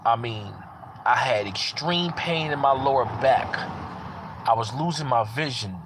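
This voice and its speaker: A man's voice: mid-range voice, unhurried, noisy background. A man giving a casual personal testimony in an earnest way, repeating phrases for emphasis. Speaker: parent sharing a personal testimony.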